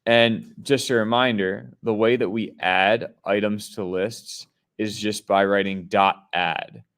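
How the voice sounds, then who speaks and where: A man leads a coding lesson with a somewhat low voice. He explains each step patiently and keeps checking that his students follow along. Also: steady tone, takes it slowly, a bit bright, clean tone. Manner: step-by-step explaining, often checking in with "right?" and "okay?". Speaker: programming teacher. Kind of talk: screen-share coding lesson.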